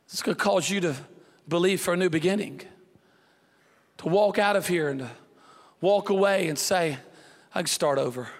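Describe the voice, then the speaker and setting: Animated pastor in reverberant hall. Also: male voice, high-pitched, moderate pace. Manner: animated storyteller, acts out voices, exclaims. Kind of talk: sermon with humorous story. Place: church hall. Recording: long church hall reverb.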